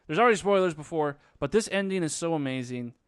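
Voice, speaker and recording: Sarcastic, animated young guy ranting. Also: on the high side, quick pace, clear, resonant tone, dry recording, studio quality. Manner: sarcastic, crude, rambling. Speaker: movie reviewer. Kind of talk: casual vlog commentary.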